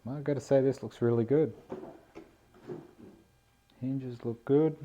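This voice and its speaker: A man's voice: medium pitch, fairly even intonation, a little slow, dark tone, slight background noise. A man giving a laid-back, self-deprecating unboxing commentary on a model plane, indoors on a camera mic. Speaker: RC plane hobbyist vlogger. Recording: dull lo-fi camera audio.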